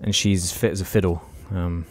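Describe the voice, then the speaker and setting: A man's voice: sits low, level tone, moderate pace, faint music behind. A man co-hosting a podcast, telling a story in casual chat, frank and sweary, with many restarts. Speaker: podcast co-host.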